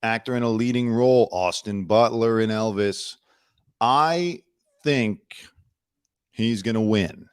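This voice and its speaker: Guy doing his solo news show, low voice, dry close mic, chatty and snarky. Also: slow, long pauses, smooth, no echo. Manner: chatty, sarcastic, animated. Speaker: host. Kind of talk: casual news commentary.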